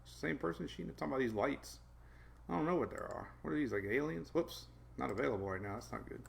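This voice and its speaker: A man with a mid-range, gravelly voice and lively intonation speaks quickly while hosting a casual weather live stream from home. He rambles, reading out viewer names and talking to his puppies.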